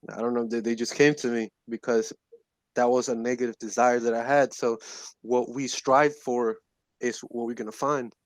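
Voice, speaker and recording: A man giving a casual personal testimony in an earnest, halting way with soft laughs. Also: medium pitch, little pitch movement, no echo. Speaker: guest in recovery ministry.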